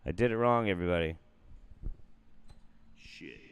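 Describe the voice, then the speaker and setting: A man's voice: low-pitched, expressive, unhurried, clear, resonant tone, lo-fi sound. A man hosting a show of reaction clips, joking in a profane, playful and exaggerated way as he comments. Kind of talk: casual comedic commentary.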